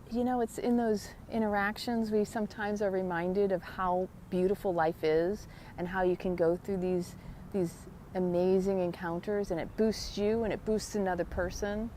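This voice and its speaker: Woman host, gentle earnest self-help monologue recorded outdoors on a trail, faint traffic behind, mid pitch. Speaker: podcast host. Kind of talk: casual reflective monologue.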